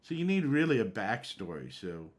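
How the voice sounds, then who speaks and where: Man, very low voice, game streamer, casual rambling chat. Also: big pitch swings, normal speed. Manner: rambling, conversational.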